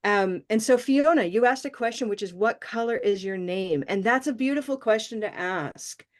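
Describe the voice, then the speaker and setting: A woman teaching English pronunciation in a class, encouraging and modeling sounds slowly and repeating them. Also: medium pitch, animated. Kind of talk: online class instruction.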